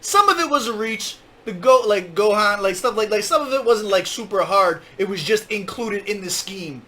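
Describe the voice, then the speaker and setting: A man's voice: high voice, brisk, few pauses, bright, forceful tone. A man reacting to a rap battle as host, casual and hyped, heavy on slang and "like.". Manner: casual slang, hyped, says "like" and "my guy" a lot.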